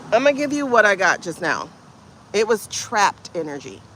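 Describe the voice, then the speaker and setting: A woman's voice: mid-range voice, big pitch swings, fairly bright tone, a little hiss or hum. Emotional woman on a spiritual livestream. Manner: emotional, halting, repeats herself, sighs and laughs. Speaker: livestream host, intuitive reader. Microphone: phone livestream.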